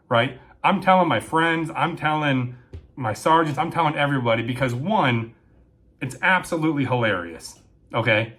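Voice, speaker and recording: A young man telling a story in a casual, animated way. He keeps checking in with his listener through quick asides. His voice sits at a middle pitch. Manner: animated, with frequent "right?" and "okay?" tags.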